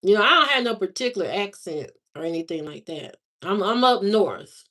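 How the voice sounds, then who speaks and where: Slangy, relaxed woman chatting on a livestream. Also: medium pitch, normal speed. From Indiana, USA. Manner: slangy, drawling talk with lots of repeats and fillers. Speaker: livestream host. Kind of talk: casual chat answering live viewers.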